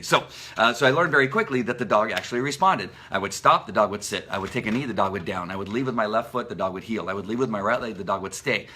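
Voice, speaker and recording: This lowish-voiced man from Southern California trains police dogs. On a live stream he talks casually and at length, rambling with plenty of fillers and restarts, and every so often he barks out a loud dog command.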